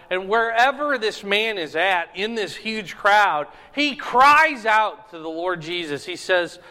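A man's voice: sits high, sharp tone. A man preaching an informal, verse-by-verse sermon who keeps checking in with his listeners. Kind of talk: conversational sermon, verse-by-verse teaching. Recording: long reverb of a hall.

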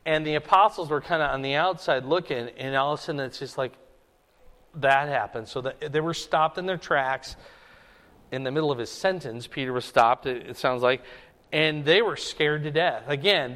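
A man's voice: on the high side, moderate pace, a bit bright. Guy pastor explaining scripture, casual asides, punchy emphasis, long reverb behind him. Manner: conversational, emphatic, rising for stress. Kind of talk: expository Bible teaching sermon.

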